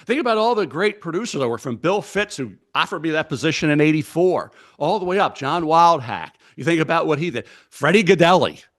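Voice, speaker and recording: Older man, Baltimore accent, rambling rapid talker, slightly high voice. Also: animated, a bit bright. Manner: rapid, rambling, name-dropping. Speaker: guest, draft analyst. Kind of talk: casual radio interview chat.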